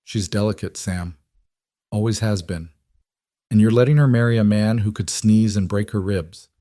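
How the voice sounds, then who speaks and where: A man's voice: normal speed, dark tone, no echo, clean studio sound, natural voice. A man reading a blunt, worried frontier doctor. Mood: urgent. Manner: low, urgent warning.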